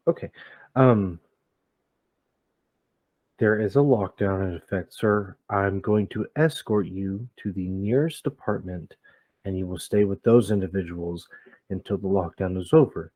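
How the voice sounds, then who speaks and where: A man playing a polite police officer in a tabletop role-play, with a deep, mellow voice and a calm, courteous, measured delivery. It stays gentle and formal throughout. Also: no room sound.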